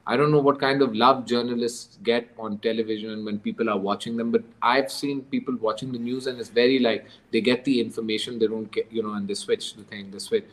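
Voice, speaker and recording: A man's voice: medium pitch, steady tone, brisk, few pauses, rough recording. A man, a guest author, telling a story in conversation, acting out dialogue and laughing often. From Pakistan.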